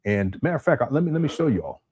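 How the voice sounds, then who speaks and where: A man hosts a casual live stream from his room at home. His pitch sits in the middle, and he rambles, stumbles, and repeats words as he talks to his viewers. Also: sing-song, quick pace, a little mellow, husky. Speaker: commentary channel host.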